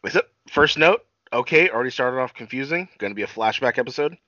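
A man recapping a TV episode in relaxed podcast banter. His voice is very bright and swings widely in pitch as he swears and acts out scenes in quoted voices. The recording is dry and a little dull. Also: fast talker, no room sound. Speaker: podcast co-host. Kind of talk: casual chat recapping a TV episode.

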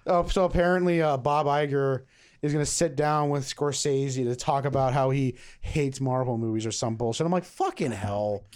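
A man's voice: medium pitch, fairly even intonation, moderate pace, a little mellow, clear, resonant tone. A man co-hosting a beer tasting podcast, chatting casually, joking and swearing, laughing often. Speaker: podcast co-host. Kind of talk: casual chat tasting beers.

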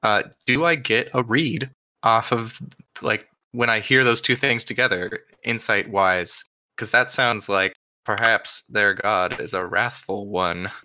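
A man's voice: fairly low pitch, steady tone, measured pace, bright, forceful tone. A man playing in a tabletop game, joking playfully as he talks. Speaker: player. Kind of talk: casual tabletop role-play.

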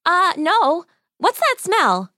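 Woman doing a worried young bride-to-be, high voice, earnest, storybook reading, dry sound. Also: wildly swooping pitch, takes it slowly, sharp tone, no room sound, exaggerated voice. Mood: anxious. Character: anxious young woman about to marry.

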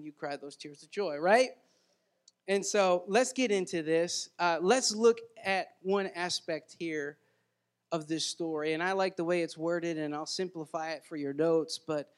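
A man's voice: sits high, a bit bright. A man preaching a sermon as pastor, earnest and conversational, with frequent restarts and asides to the congregation.

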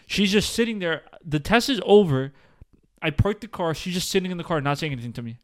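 A man's voice: high-pitched, animated, quick pace. A young man, co-hosting a podcast and telling stories in a frank, profane, exasperated way. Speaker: podcast co-host. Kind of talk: casual chat, storytelling.

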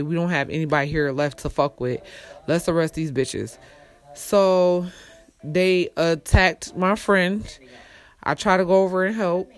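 Foul-mouthed young woman ranting. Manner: blunt, heavy swearing, swings from low mutters to loud outbursts. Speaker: storyteller vlogger. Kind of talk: casual storytime rant.

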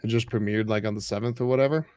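A man co-hosting a podcast talks very fast in a fairly low, darkish, smooth voice with fairly even intonation. He chats casually and rambles with lots of fillers. The recording is dry and studio quality.

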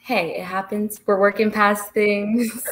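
A woman's voice: mid-range voice, steady tone, takes it slowly, slight background noise. A young woman co-hosting a casual podcast, talking things through reflectively with many fillers. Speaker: podcast co-host. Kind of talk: casual chat.

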